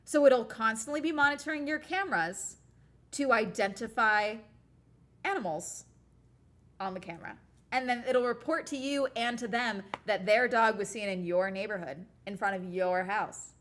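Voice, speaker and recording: A woman's voice: on the high side, moderate pace, fairly bright tone. A young woman from the United States chatting casually on a livestream, rambling and sarcastic as she talks to her chat. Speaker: streamer.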